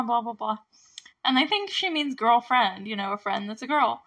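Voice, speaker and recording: A woman's voice: mid-range voice, moderate pace, pushed and bright. A young woman casually recapping a movie as host, chatty and giggly, with many fillers.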